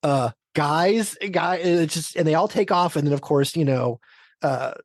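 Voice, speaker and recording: A man hosting a podcast in casual chat, his voice sitting a bit high for a man. He wanders through scene recaps in a loose, rambling way. The sound is dry and close, with no room in it. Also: a little fast, darkish tone, no echo. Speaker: podcast host.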